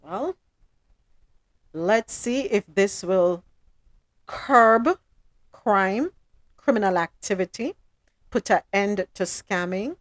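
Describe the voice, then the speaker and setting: A woman with a Jamaican accent co-hosting a podcast, commenting on the news in an animated, emphatic way and slipping into patois. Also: medium pitch, slow, long pauses, no room sound, clean studio sound. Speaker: podcast co-host.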